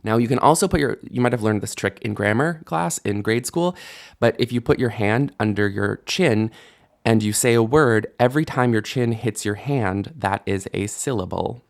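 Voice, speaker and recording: A man teaching a recorded Hebrew lesson, patiently explaining grammar and sounding out syllables slowly, with relaxed joking asides, speaking into a desk microphone. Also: on the low side, vocal fry.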